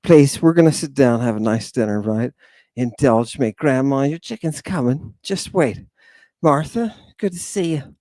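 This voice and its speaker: A man's voice: mid-range voice, animated, normal speed, dark tone, no echo. A man hosting a lecture in a theatrical, rambling way. He keeps turning to his audience as "people". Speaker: lecture host.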